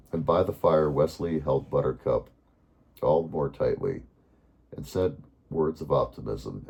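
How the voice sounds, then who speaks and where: A man reading a bedtime story aloud in a calm, unhurried way, now and then correcting himself. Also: a bass voice, vocal fry, husky, dull audio.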